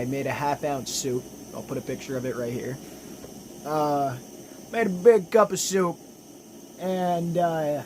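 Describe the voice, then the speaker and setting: A young man tells a comedic storytime in a loose, rambling way, dropping swear words constantly. He clears his throat and coughs often between sentences. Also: on the high side, noisy background.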